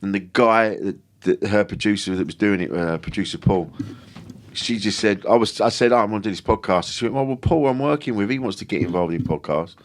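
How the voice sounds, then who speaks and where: A low-pitched man chats casually as a podcast guest. He rambles through his stories, restarting sentences and swearing freely. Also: fairly quick. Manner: rambling storyteller, self-interrupting, swears freely. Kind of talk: casual chat.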